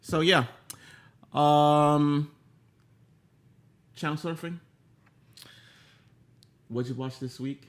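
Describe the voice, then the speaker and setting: A man's voice: fairly high pitch, steady tone, very slow, long pauses. A young man co-hosting a casual chat about TV shows, laid-back and dropping joking asides. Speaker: co-host.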